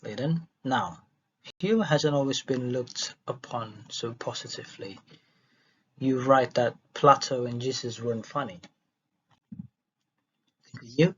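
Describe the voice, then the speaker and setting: A man's voice: medium pitch, slow, pauses often, fairly bright tone, breathy edge. A man reading a dialogue transcript aloud for a listening exercise, stumbling and restarting words as he goes. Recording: dull lo-fi recording.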